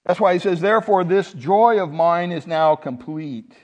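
A male pastor delivers a sermon, his voice sitting a little higher than most men's. He leans hard on key words and keeps asking the congregation questions. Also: normal speed, a little mellow, highs cut off. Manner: emphatic preaching, rhetorical questions to the congregation.

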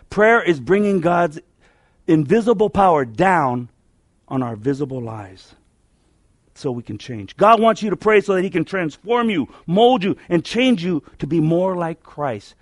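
A man preaching a sermon emphatically, repeating key lines and letting phrase ends fall quiet. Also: fairly high pitch, animated, unhurried, no room sound, studio quality.

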